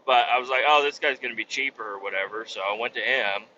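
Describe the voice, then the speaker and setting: Exasperated swearing man, bright voice. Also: mid-range voice, fast. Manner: heavy swearing, exasperated retelling. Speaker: podcast host. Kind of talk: casual storytelling rant. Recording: dull lo-fi audio with faint noise.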